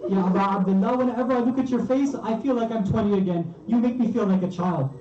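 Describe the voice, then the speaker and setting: A man's voice: high voice, quick pace, dark tone, voice pushed up, lightly acted. A man voicing a humble, devoted old male warrior who laments in anguish. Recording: roomy, distant, dull hall recording.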